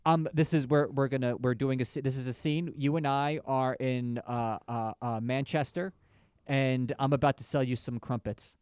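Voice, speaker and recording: A man co-hosting a comedy podcast, chatting in an animated way with jokey asides and swearing. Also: medium pitch, normal speed, clear, resonant tone, no echo, studio quality. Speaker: podcast co-host. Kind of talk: casual comedic chat.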